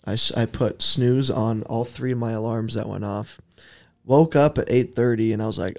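A man who produces a podcast, interviewing its host in a studio, talking in a laid-back, rambling way that often trails off quietly. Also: medium pitch, moderate pace, gravelly. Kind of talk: casual interview chat.

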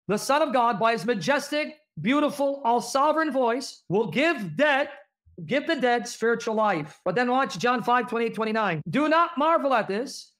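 A man's voice: very high voice, a bit bright. Emphatic man reading and arguing scripture. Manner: emphatic, asks the audience rhetorical questions. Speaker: Christian apologist. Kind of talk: apologetics teaching with scripture reading.

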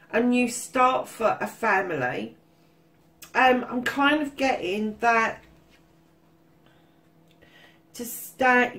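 A woman's voice: a little high, a bit bright. A woman giving a casual tarot reading, swearing freely and calling listeners darling. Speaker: tarot reader.

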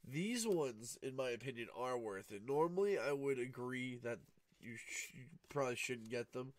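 Just-woke-up guy opening card packs, kinda monotone and groggy, mid pitch. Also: normal speed. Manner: sleepy, low-key and monotone, just woke up. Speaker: card-opening channel host. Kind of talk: casual pack-opening commentary. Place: home room at night, cat nearby.

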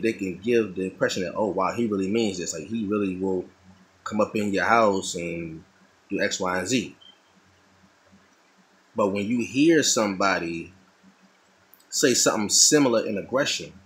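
Drawing as he goes, a middle-aged artist delivers a relaxed, musing monologue, frequently repeating himself and starting lines over. He has a fairly low pitch and a fairly bright tone, heard through a rough recording.

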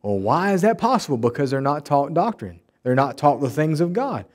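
A male pastor delivering an emphatic, animated sermon in a church and acting out the people he quotes. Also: on the high side, moderate pace. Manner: emphatic, animated preaching with mocking quoted voices. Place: church sanctuary.

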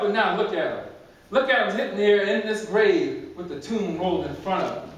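A man's voice: high voice, normal speed, fairly bright tone. A male pastor preaching a sermon, telling the story emphatically and repeating phrases for effect. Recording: very echoey church, distant mic.

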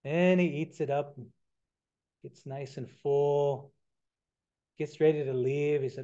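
A man retelling a traditional story in a relaxed, conversational way during a talk, on a dull lo-fi recording. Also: on the high side, slow, pauses often. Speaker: storyteller and science lecturer.

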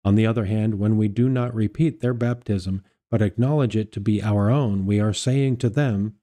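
Male liturgical reader, low and very warm in tone; measured, unhurried delivery of scripture readings. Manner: measured, steady reading with small self-corrections. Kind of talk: reading aloud of scripture and patristic texts.

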